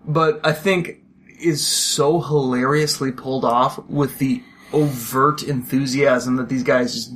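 A man's voice: medium pitch, steady tone, takes it slowly, a bit bright. Guy on a podcast chatting about a movie, rambles through a story, laughs a lot. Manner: rambling storyteller, acts out quotes, laughs often. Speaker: podcast co-host. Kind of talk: casual chat about a film.

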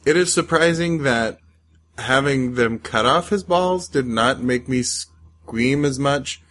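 A man with a voice of middle pitch, talking through a horror short with his co-hosts in an easy podcast chat. He keeps it dry and wry, with deadpan quips. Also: slow. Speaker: podcast co-host.

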